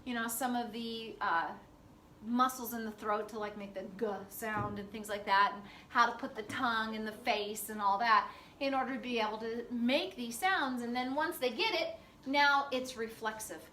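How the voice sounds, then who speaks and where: A woman teaching a class in a relaxed, chatty way, full of fillers. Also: fairly high pitch, normal speed, a little hiss or hum. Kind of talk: classroom lecture. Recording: echoey classroom from far off.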